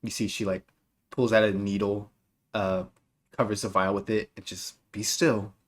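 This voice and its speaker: A man narrating as game master of a tabletop game, casual and lively, with many filler words. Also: on the low side, moderate pace.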